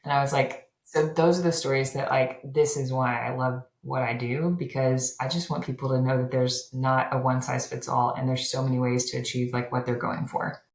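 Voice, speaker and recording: A woman with a strikingly deep, low voice, talking casually as an interview guest. She tells her stories in a chatty way, leaning on "like" as a filler. The sound is roomy and echoey. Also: level tone, moderate pace, hardly any pauses. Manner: chatty storyteller, many "like" fillers. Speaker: loan officer guest.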